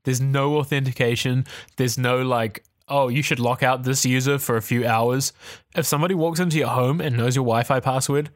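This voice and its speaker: A man co-hosting a casual tech podcast, talking in an animated, ranty way with swearing and laughter. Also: medium pitch, moderate pace, dry recording, clean studio sound. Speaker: podcast co-host.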